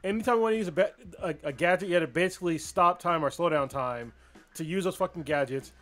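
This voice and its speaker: A man's voice: fairly high pitch, fast talker, fairly bright tone. A young adult man co-hosting a podcast in casual chat, blunt and swearing freely as he gives his opinions. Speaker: podcast co-host.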